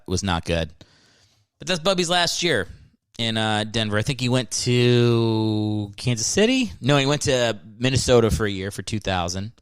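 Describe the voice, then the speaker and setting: A man's voice: mid-range voice, smooth, no room sound. A man hosting a solo comedy podcast, riffing sarcastically with plenty of swearing. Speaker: podcast host.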